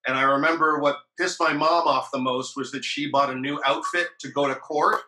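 Man, podcast host, rambling anecdote with cursing; bright tone, echoey room. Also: fairly high pitch, steady tone, brisk. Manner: rambling storytelling with swearing and restarts. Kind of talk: casual chat.

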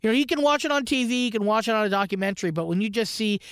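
Brief: high, fast-talking man from Canada, casual podcast co-host, dry close sound. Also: lively intonation, fairly bright tone, clean tone, dry recording. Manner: rambling, restarts, swears freely. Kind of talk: casual chat.

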